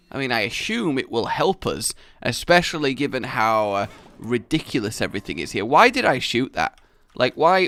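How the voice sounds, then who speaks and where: A man's voice: medium pitch, no room sound. A young man giving exasperated, rambling let's play commentary into a close mic. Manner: animated, exasperated rambling with outbursts. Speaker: gaming YouTuber.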